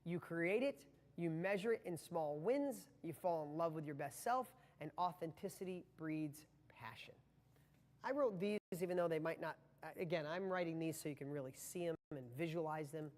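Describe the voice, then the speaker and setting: A man's voice: fairly high pitch, normal speed, a little mellow, in a large hall. A man giving a live motivational training talk to viewers, speaking with passion and a rambling flow full of restarts.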